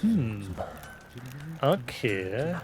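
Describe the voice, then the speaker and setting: A man's voice: mid-range voice, big pitch swings, extremely slow, over music. A man who hosts a live stream, chatting casually, rambling and self-deprecating, thinking aloud with many restarts. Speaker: livestream host.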